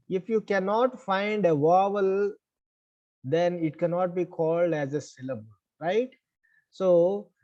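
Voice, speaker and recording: A man with an Indian English accent teaching over a video call, his voice on the high side yet soft and mellow. He explains step by step and keeps checking in with the class. The sound is dull and lo-fi. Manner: repeats "right?" as check-ins, measured explaining. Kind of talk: online class lecture.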